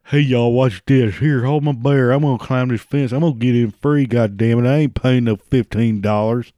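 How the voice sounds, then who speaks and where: A man's voice: mid-range voice, normal speed, warm tone, no room sound, clean studio sound, close to an everyday voice. A man voicing a boastful redneck who brags in a brash, cocky hick drawl.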